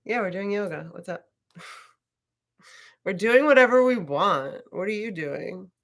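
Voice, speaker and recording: A woman's voice: medium pitch, animated, unhurried, creaky, a bit bright. A woman teaching a casual live yoga class, chatty and rambling, swearing freely as she talks.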